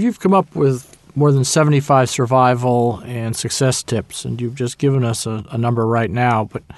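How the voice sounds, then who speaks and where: A male interviewer with a mid-range voice, asking measured questions and quoting from notes. He sounds dry and close to the mic. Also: mid-range voice, a little mellow, dry recording. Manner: measured, reads from prepared notes.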